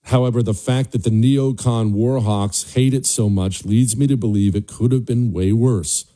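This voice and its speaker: A man's voice: medium pitch, normal speed, dark tone. A male talk show host giving an emphatic, scornful political monologue, repeating his points for stress.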